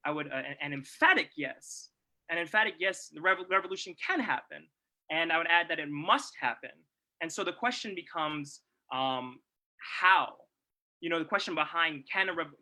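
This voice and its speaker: Young male presenter, thoughtful and halting, tense bright voice pitched a little high. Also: expressive, low-quality recording. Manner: halting and thoughtful, with many pauses and restarts. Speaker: presenter at a livestreamed celebration. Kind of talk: reflective spoken presentation.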